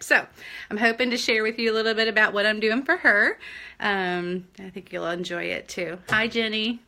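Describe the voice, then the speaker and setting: A woman's voice: mid-range voice, sharp tone, slight background noise. An older woman with a Southern accent, hosting a crafting live stream in casual chat, laughing often and greeting her viewers by name.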